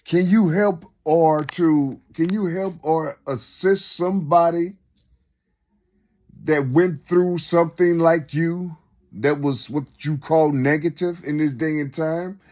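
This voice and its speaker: Slow, lively high-voiced man musing aloud. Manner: rhetorical questions, repeats himself; unscripted, loose and conversational. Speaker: speaker sharing reflections. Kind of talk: rambling spoken monologue.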